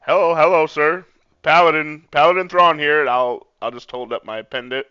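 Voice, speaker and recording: A man's voice: fairly high pitch, normal speed, sharp tone, clear, resonant tone, dry recording, dull audio. A man taking part as a player in a tabletop game, speaking hesitantly with many fillers. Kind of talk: tabletop role-play.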